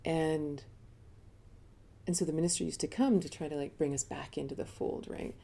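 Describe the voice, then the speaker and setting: Gravelly, mellow-voiced woman telling stories. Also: deep voice, steady tone, moderate pace. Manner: candid, chatty, laughs often while telling stories. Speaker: spiritual teacher giving a live talk. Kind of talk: personal storytelling in a live online talk.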